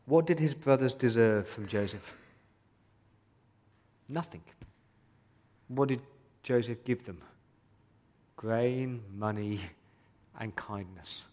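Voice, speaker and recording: A man's voice: mid-range voice, slow pace, pauses often, mellow. A man preaching a sermon as a pastor, earnest and pleading, asking many questions of his listeners. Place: church hall. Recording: long hall reverb.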